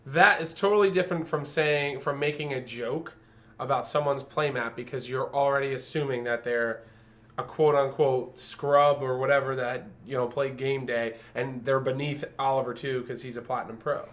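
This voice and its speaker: A man's voice: medium pitch, fairly even intonation, moderate pace, fairly bright tone. A man co-hosting a casual podcast, giving earnest opinions and often restarting his sentences. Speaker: podcast co-host. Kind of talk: casual chat.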